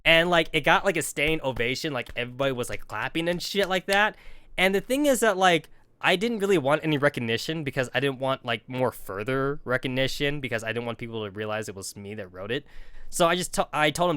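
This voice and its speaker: A man's voice: medium pitch, quick pace, sharp tone, smooth, dry recording. A man in his thirties telling a rambling, profane story on a game stream, full of "like" and acted-out quotes. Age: 30s.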